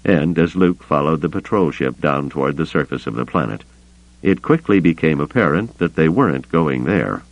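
A man narrating an audiobook in an expressive, varied storytelling manner. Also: a bass voice, moderate pace, no echo. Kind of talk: scripted narration. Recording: dull, muffled dry recording.

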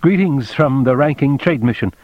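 A man's voice: medium pitch, expressive, normal speed, no echo, pitched above the performer's own voice, close to an everyday voice. A man voicing an anxious, formal male trade official with clipped, fussy phrasing. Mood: formal, eager. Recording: dull dry lo-fi recording.

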